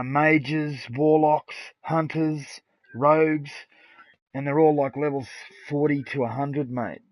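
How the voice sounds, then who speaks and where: A man's voice: medium pitch, no room sound. A middle-aged Australian man streaming a game live, chatting in crude, boastful banter with lots of swearing. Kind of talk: casual live-stream gaming chat. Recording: dull lo-fi dry sound.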